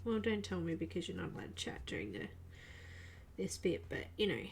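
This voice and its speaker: A woman hosting a live coloring stream, murmuring quietly to herself as she works and chatting casually with viewers. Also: lowish voice, big pitch swings, fairly quick, gravelly, a little hiss or hum. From Australia. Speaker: livestream host.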